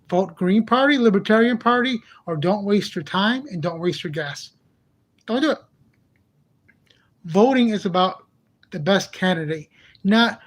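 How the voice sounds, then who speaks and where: A man ranting in a heated, profane monologue for his own channel, repeating himself in exasperation. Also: high-pitched. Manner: repetitive, exasperated. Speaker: channel host. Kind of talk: angry monologue vlog.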